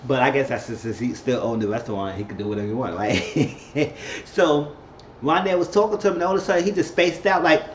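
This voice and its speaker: A man giving an animated, chatty recap of a TV episode, with quick asides. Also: mid-range voice. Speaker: TV show reviewer. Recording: echoey, dull-sounding room with faint hiss.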